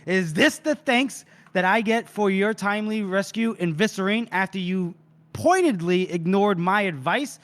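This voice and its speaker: A man's voice: high voice, lively intonation, moderate pace, fairly bright tone, pitched above the performer's own voice. A man voicing a fussy, pompous male poisoner who speaks in overly formal, wheedling phrases. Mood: prickly.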